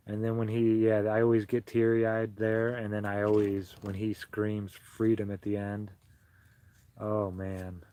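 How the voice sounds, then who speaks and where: A man hosting a relaxed livestream, chatting while he crochets. He is soft-spoken and sentimental and greets his viewers fondly. His voice is low-pitched and mellow. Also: takes it slowly, long pauses, smooth. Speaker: livestream host. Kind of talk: casual chat while crocheting.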